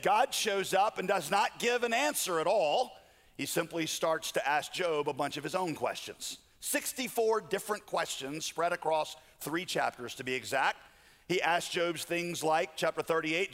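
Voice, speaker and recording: A man's voice: fairly high pitch, a bit bright. A man preaching a sermon, telling stories with joking asides. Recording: long hall reverb.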